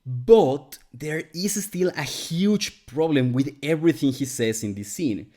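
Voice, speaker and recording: A man's voice: a little high, expressive, unhurried, dark tone. A man whose first language is Spanish, giving a scripted, sarcastic commentary as host of a video essay. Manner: sarcastic, exasperated critique.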